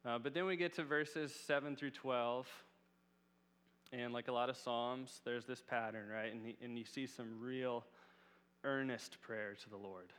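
A man's voice: mid-range voice, fairly even intonation, measured pace, a bit bright, smooth. Earnest male preacher in a reverberant hall. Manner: earnest, casual with fillers. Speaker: Bible teacher. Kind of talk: conversational sermon.

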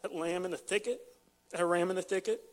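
This pastor's voice is high and steady, and he moves briskly. Preaching with passion, he grows emotional and choked up, repeating words again and again as he drives his point home.

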